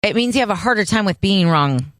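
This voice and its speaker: A woman co-hosting a casual podcast chat, relaxed and dryly amused, reassuring her co-host. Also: mid-range voice, fairly quick, no room sound, studio quality.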